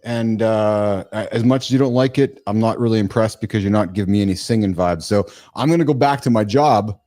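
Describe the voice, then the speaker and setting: A man's voice: lowish voice, a little fast, warm tone. A man hosting a live morning show, teasing and blunt, often repeating words as he talks. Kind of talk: casual live show chat.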